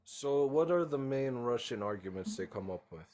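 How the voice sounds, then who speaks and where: A man calling into an online debate, asking questions in halting, broken phrasing. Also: medium pitch, animated, a little mellow. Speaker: caller.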